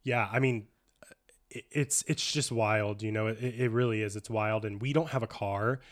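A man co-hosting a podcast, telling stories in an enthusiastic, animated casual chat. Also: on the low side, normal speed. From United States. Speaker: podcast co-host.

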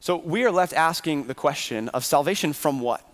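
A man's voice: a little high, expressive, moderate pace. A man preaching a Sunday sermon as pastor, earnestly posing rhetorical questions to his congregation. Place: church sanctuary. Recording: reverberant hall.

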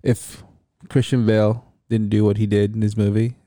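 A man's voice: fairly low pitch, flat delivery, normal speed, warm tone, no echo, studio quality. A man hosting a casual podcast chat, often repeating and restarting words. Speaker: podcast host.

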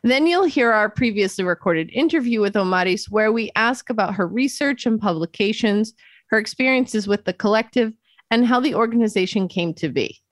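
A woman co-hosting an academic podcast, reading a script clearly and at a measured pace. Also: medium pitch, animated, dry recording, studio quality. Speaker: podcast co-host, professor.

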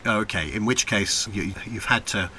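A man running a tabletop role-playing game, setting each scene in an unhurried, descriptive way. His voice is bright and a little lower than most, and a faint hiss of noise sits under the recording. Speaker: game master.

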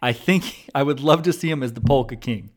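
A man's voice: medium pitch, fairly quick. A man riffing in a casual podcast chat, with a middling voice. He jokes, laughs often and swears freely. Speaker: podcast co-host.

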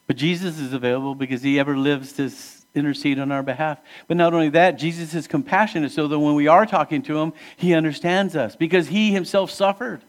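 A man preaching a sermon as pastor in an earnest, conversational way, asking the congregation questions and swinging between emphatic rises and hushed, quiet drops. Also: fairly high pitch, fairly even intonation, fast, few pauses.

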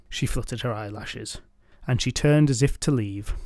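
A man's voice: medium pitch, normal speed, darkish tone, no echo, studio quality. A man narrating a folk tale in a wry, dryly humorous scripted style. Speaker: storyteller.

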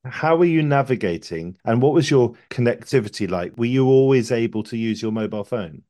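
A man's voice: mid-range voice, lively intonation, a little fast, warm tone. A man interviewing a traveller, asking polite questions and checking facts with tag questions.

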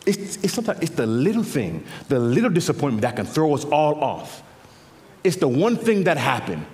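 A man preaching a sermon as pastor, swinging between quiet intimate passages and louder emphatic lines, often repeating words as he builds a point. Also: on the high side, moderate pace. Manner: animated preaching, drops to quiet intimate tones and rises for emphasis. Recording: long reverb of a large hall.

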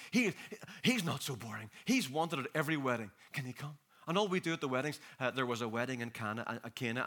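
A man preaching a lively, jokey sermon, laughing often and calling out to the crowd, tired and jet-lagged. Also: fairly high pitch.

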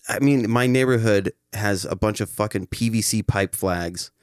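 A man's voice: fairly low pitch, a little slow, clear, resonant tone, dry recording, clean studio sound. A young man co-hosting a casual podcast chat, rambling and swearing freely, laughing at his own jokes. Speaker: podcast co-host.

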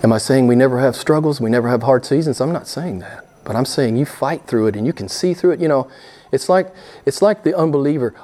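A middle-aged male preacher delivering a sermon with passion, his voice jumping from hushed asides to sudden high, emphatic rises. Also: a little fast. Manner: impassioned, swings from quiet to loud with sudden rises.

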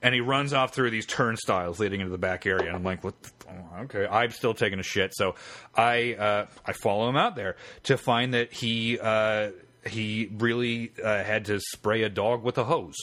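A man's voice: lowish voice, moderate pace, a bit bright. A man co-hosting a podcast, telling a long, rambling and profane story in casual chat. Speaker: podcast co-host.

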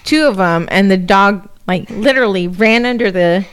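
A woman's voice: mid-range voice, moderate pace, clean tone. A woman co-hosting a podcast, telling rambling, crude, amused stories in casual chat. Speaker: podcast co-host.

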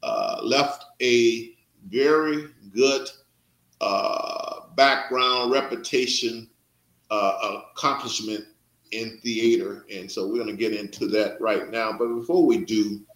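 A man's voice: medium pitch, slow, a bit bright, roomy sound, rough recording. An older man hosting a podcast, talking in a rambling, hesitant way with many fillers. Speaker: podcast host. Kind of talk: casual interview.

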